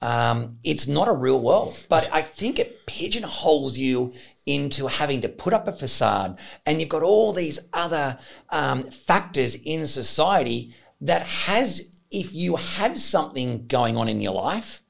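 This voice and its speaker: A man hosting a podcast interview, asking questions in a measured, reflective way with frequent fillers. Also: fairly high pitch, big pitch swings, gravelly. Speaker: podcast host.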